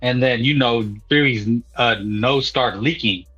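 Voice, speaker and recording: A man gives a measured opinion in a casual boxing chat. His voice is husky yet bright, and the lo-fi sound dulls it. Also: medium pitch, soft background music. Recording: dull, lo-fi sound.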